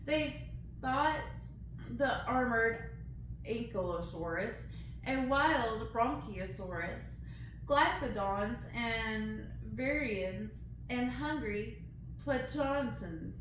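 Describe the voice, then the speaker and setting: A woman's voice: fairly high pitch, expressive, extremely slow, a bit bright, a little hiss or hum. A woman casually reading poems aloud, laughing at herself as she stumbles over hard words and chatting between poems. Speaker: poetry reader. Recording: very echoey room.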